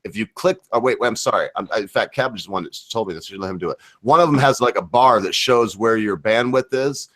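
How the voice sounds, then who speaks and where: A man's voice: fairly low pitch, fast talker, few pauses, a bit bright. A drunk man from Michigan hosting a casual livestream chat, crude and rambling. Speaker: livestream host.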